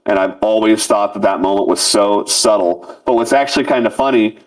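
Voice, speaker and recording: A man's voice: on the low side, a little fast, far from the mic, poor audio. A man co-hosting a casual podcast, talking loosely about a video game and swearing often. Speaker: podcast co-host.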